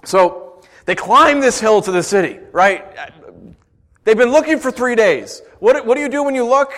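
A man's voice: extremely high pitch, lively intonation, moderate pace, fairly bright tone. A man preaching as pastor, reading scripture and then explaining it in a conversational way, full of rhetorical questions.

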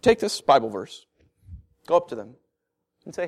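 Guy preaching a sermon, voice jumps all over, goes quiet then loud. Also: medium pitch, moderate pace, pauses often. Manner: animated, rhetorical questions, swings from quiet to loud.

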